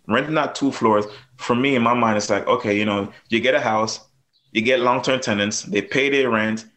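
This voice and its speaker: A man's voice: mid-range voice, moderate pace, fairly bright tone. A man with a Jamaican accent, a plumber and landlord, talking loosely with lots of fillers as a podcast guest. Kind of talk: casual podcast interview.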